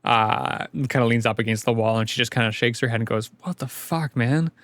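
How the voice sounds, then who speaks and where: A man's voice: lowish voice, monotone, fast talker, fairly bright tone, dry recording. A man narrating a tabletop game as game master, in a casual, rambling way full of fillers. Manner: casual, rambling, filler-heavy, laughs often.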